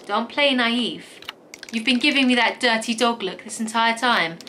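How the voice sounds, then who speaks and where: Woman playing a sneering stray cat, lower and quieter, bright tone, dismissive, game character. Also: normal speed, slight background noise. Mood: scornful. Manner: cool, dismissive and haughty. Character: feisty, scornful female stray cat.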